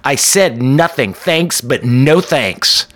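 A man's voice: mid-range voice, sing-song, moderate pace. A man voicing an irritated, snobbish young woman on a date, scornful and whiny as she complains. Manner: scornful and whiny, rising to shouting.

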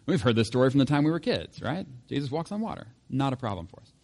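A man's voice: mid-range voice, big pitch swings, quick pace, vocal fry, a little mellow. A man preaching a sermon in a conversational way, with light humor and frequent self-corrections. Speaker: pastor.

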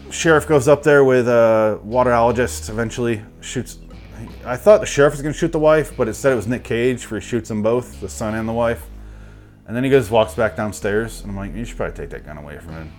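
A man's voice: mid-range voice, a little fast, soft background music. Rambling, profane man recapping a movie. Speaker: movie reviewer.

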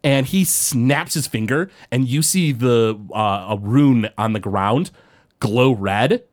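A man's voice: mid-range voice, slow pace. A man running a tabletop game as game master, narrating in a rambling way with many fillers.

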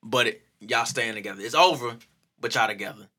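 A man with a very bright, forceful voice speaks, chatting casually as a co-host. He is animated and profane, laughing a lot and acting out what others say. His pitch sits in an ordinary middle range. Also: a little fast. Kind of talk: casual chat.

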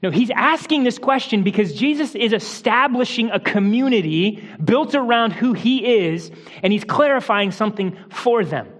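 A man's voice: sits high, expressive, normal speed, in a large hall. A man preaching a sermon as a pastor, explaining a passage with frequent restarts. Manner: explanatory teaching with restarts, softens for quoted lines.

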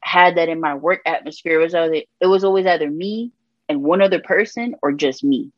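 A woman from Puerto Rico, a gospel rapper sharing her testimony as an interview guest, telling stories in lively slang and acting out the people she quotes. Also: sits low, fairly quick, no echo, lo-fi sound. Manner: animated storytelling with slang and voiced quotes. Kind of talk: candid conversational testimony.

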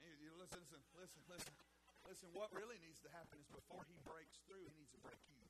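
A male pastor preaching a sermon in church, folksy and impassioned, repeating himself and building to loud shouted peaks. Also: a little high, fast talker, a loud crowd, poor audio. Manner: folksy, talks straight to the congregation. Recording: loud background noise and clicks.

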